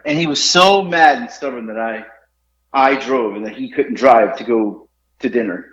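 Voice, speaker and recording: A man in his forties telling stories on a casual podcast, animated and laughing often. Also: medium pitch, normal speed. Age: 40s. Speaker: podcast co-host. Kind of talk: casual storytelling chat. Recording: roomy, dull lo-fi sound.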